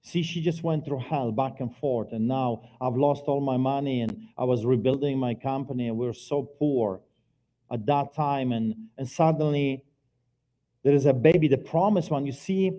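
Earnest, mellow-voiced man giving testimony. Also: medium pitch, moderate pace. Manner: earnest, swings between quiet and loud. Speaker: guest preacher giving testimony. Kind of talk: personal testimony sermon. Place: church sanctuary, live service.

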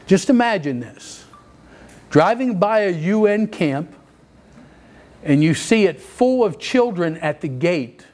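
An older man preaching a sermon, telling stories with lively energy and sudden shouts. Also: high voice, slow, long pauses. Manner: animated storytelling, acts out children's voices, bursts into shouts. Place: church sanctuary.

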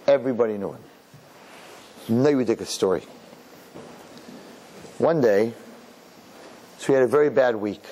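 Man, middle-aged, rabbi, storytelling sermon, acts out characters, Yiddish and Hebrew words, middle pitch, faint noise. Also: moderate pace, pauses often, mellow.

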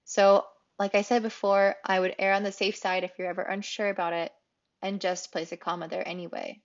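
A woman English teacher explaining grammar rules in a clear, explanatory way, repeating key phrases for emphasis. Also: medium pitch, flat delivery, a little fast, dull audio. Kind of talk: grammar lesson.

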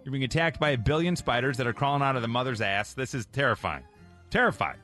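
A man hosting a morning radio show, chatting with callers in an animated, jokey way with exaggerated reactions. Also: mid-range voice, fast talker, soft background music. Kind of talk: casual morning radio chat.

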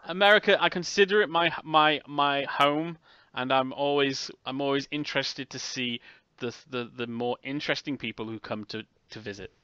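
A game master voicing a guarded adult woman with mob ties in a tabletop role-play game, speaking politely and haltingly, often repeating words. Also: medium pitch, bright, forceful tone, clean tone, no room sound, close to an everyday voice. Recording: dull lo-fi recording, dry.

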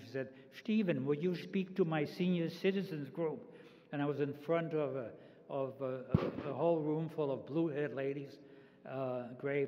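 An elderly man in his eighties, his voice sitting a touch higher than most, gives personal testimony in a halting way, stumbling and restarting as he goes. He speaks from a large hall with a long echo and a slightly muffled sound. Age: 80s. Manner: halting, with frequent restarts and repeated words. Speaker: Holocaust survivor speaker. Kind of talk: public talk, personal testimony.

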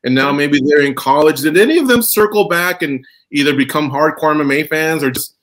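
Upbeat male radio host with a fairly high voice; playful, chatty, repeats words when he starts a question. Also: a little fast, fairly bright tone. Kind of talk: casual interview.

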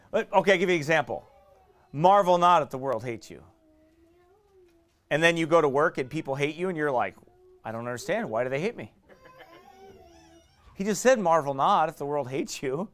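A middle-aged pastor, preaching a sermon in fiery, emphatic bursts that swing from quiet asides to raised shouts. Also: male voice, fairly high pitch, sing-song, normal speed, pauses often.

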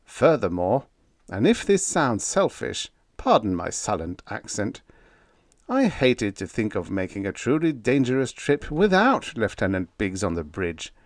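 A man's voice: lowish voice, very animated, unhurried, no room sound, clean studio sound. A man reading a humorous vintage sci-fi story aloud in scripted narration, wry and playful. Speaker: audiobook reader.

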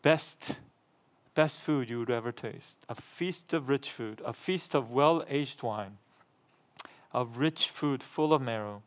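Middle-aged male pastor, preaching emphatically, repeats words, mid-range pitch. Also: slow pace. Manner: emphatic, repeats phrases, asks the congregation rhetorical questions; gets louder and higher when reading scripture aloud. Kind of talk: sermon.

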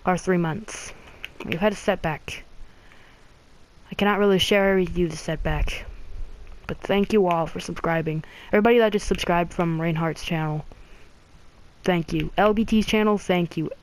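A gaming channel host in a casual thank-you video to subscribers, gushing and filling every pause with "like" and "oh my god". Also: mid-range voice, slight background noise, rough recording. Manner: gushing, filler-heavy, repeats "like" and "oh my god".

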